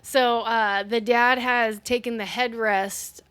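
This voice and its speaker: A woman co-hosting a casual movie review, retelling scenes in animated detail and swearing freely. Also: on the high side, takes it slowly, clean tone, no echo. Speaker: podcast co-host.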